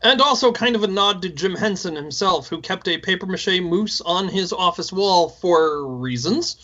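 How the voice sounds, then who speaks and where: Podcast co-host, male, bright and eager, rambling fan chat, dull audio. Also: sits high, animated, normal speed. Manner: enthusiastic, rambling, self-deprecating. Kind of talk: casual movie commentary chat.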